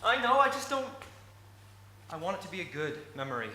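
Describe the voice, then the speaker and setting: An actor playing a worried husband pleading with his partner, earnest and halting. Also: high-pitched, big pitch swings, bright, forceful tone, heavily acted. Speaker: drama student in a showcase scene. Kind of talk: dramatic two-hander scene. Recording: echoey room with faint hiss.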